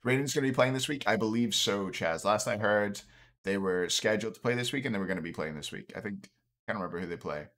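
A man's voice: on the low side, quick pace, a bit bright. Rambling tipsy young man streaming. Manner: rambling, trails off, frequent restarts. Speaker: streamer and caster. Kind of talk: late-night casual stream chat.

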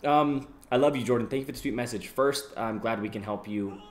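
A young man live-streaming, casually reading out donations and thanking viewers, swearing freely and yelling when a game goes wrong. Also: mid-range voice, fairly quick, slight background noise. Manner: excitable, swears freely, yells during gameplay. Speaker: livestreamer.

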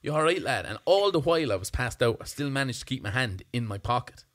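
A young Irish man co-hosting a podcast, telling an animated, self-mocking story in casual chat. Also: medium pitch, fast. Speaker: podcast co-host.

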